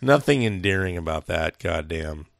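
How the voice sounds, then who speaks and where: Gravelly-voiced man, opinionated and profane podcast co-host, dry mic. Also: low voice, expressive, normal speed, no echo. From Seattle, USA. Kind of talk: casual chat.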